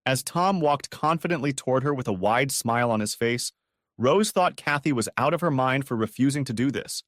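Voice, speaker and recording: A man's voice: mid-range voice, lively intonation, normal speed, no echo, studio quality. A man narrating a dramatic storybook audio reading.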